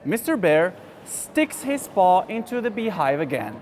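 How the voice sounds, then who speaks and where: Animated, high-voiced male teacher. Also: a little slow, a little hiss or hum. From Algeria. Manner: friendly, encouraging, animated storytelling. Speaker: teacher and show host. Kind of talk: reading a story aloud to children.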